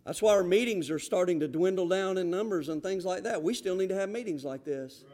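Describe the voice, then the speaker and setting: A man's voice: high-pitched, a little fast, a little mellow. A man with a Southern accent from the Florida panhandle, preaching a fervent sermon as a pastor, with many restarts and rising exhortations.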